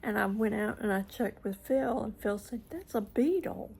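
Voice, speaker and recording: A woman's voice: mid-range voice, fairly even intonation, normal speed, vocal fry, slightly rough, low-quality recording. A woman chatting casually to camera at home, rambling, trailing off and slipping into whispered asides. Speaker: vlogger. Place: at home in front of a mirror.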